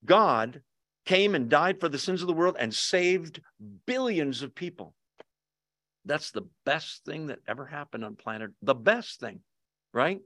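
Speaking from a church hall to both an in-person group and Zoom viewers, a pastor teaches Bible study in a relaxed, joking style, checking in through short questions to the listeners. His pitch is slightly high for a man, and the sound is close and dry with hardly any echo.

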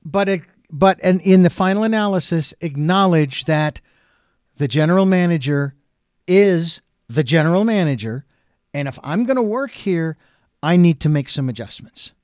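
A man's voice: a little high, animated, moderate pace, a little mellow, no echo, clean studio sound. A man hosting a talk show, speaking in a folksy, reflective way with fillers and restarts. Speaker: radio show host. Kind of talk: casual talk show conversation.

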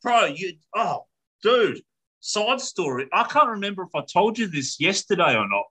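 Bright high-voiced Australian man. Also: normal speed, breathy edge, poor audio. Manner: animated, swearing, laughing while telling stories. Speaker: podcast host. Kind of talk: casual chat, storytelling.

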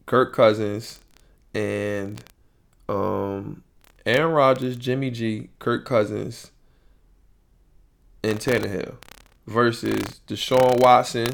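A man's voice: mid-range voice, gravelly, a little hiss or hum. A man hosting a sports podcast in a casual, rambling way, speaking, swearing and repeating himself as he talks. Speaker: podcast host.

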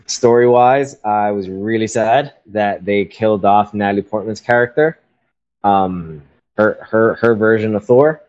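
Low-voiced hesitant man, dull sound. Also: unhurried, a little mellow. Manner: hesitant, many fillers and restarts. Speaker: podcast co-host. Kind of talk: casual chat.

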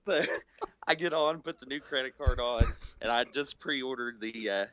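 A man co-hosting a podcast, excitedly telling a story with swearing and laughs in casual chat. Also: mid-range voice, normal speed. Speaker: podcast co-host.

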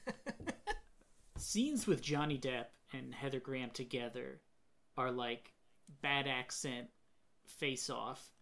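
A man hosts a relaxed podcast conversation, his voice sitting at an ordinary middle pitch. He rants with frequent swearing and breaks into laughter. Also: slow, gravelly, long pauses. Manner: ranting, sweary, laughs often. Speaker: podcast host. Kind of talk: casual podcast chat.

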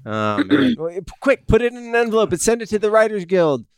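A man's voice: sits high, big pitch swings, fairly quick, vocal fry, a little mellow, clear, resonant tone, no room sound, studio quality. A man hosting a podcast in casual chat, asking easygoing follow-up questions and introducing listener messages. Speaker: podcast host.

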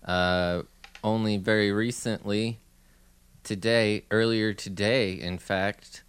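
A man co-hosting a podcast with dry, sarcastic deadpan chat. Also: on the low side, slow pace, smooth, no echo. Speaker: podcast co-host. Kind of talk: casual comedic podcast chat.

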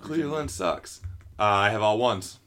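A hoarse young man who is losing his voice, co-hosting a casual sports chat and throwing in quick short reactions. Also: lowish voice, expressive, a bit bright. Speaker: podcast co-host.

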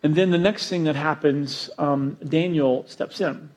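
A man preaching a sermon, storytelling with jokes and acting out quotes in an animated way. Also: on the high side, measured pace. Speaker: pastor.

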